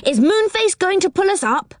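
A woman voicing an excitable young boy in a read-aloud story, sounding wondering and breathless. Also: very high voice, moderate pace, no echo, studio quality, pitched above the performer's own voice. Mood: excited.

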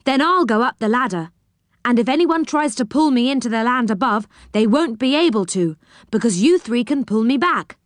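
Woman playing a brave storybook boy, commanding, lively lilt, dry. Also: a little high, normal speed, no room sound, voice pushed up, natural voice. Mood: determined. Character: brave boy taking charge.

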